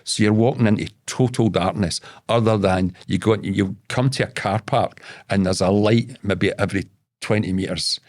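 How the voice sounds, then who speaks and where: A Scottish man spins a rambling yarn as a podcast guest, his voice sitting on the low side. He swears often and stumbles through repeated words as he goes. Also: moderate pace, a little mellow. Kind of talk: casual storytelling.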